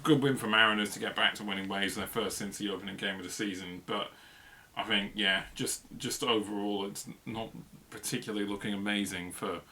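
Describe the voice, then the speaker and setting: Low-voiced and a little fast, a man co-hosting a football review podcast speaks with a steady but sharp tone. He rambles casually, using lots of fillers and breaking into laughs mid-sentence.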